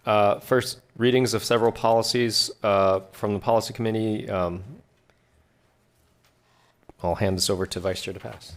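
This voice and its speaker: A man's voice: lowish voice, steady tone, normal speed. A man chairing a school board meeting, moving through the agenda and handing items over. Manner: procedural, checking the agenda aloud.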